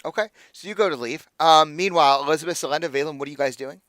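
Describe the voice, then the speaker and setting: A man's voice: fairly high pitch, rapid-fire, a bit bright, dry recording. A casual man narrating a tabletop game as game master, loose and filler-heavy. The recording is dry, with no room sound.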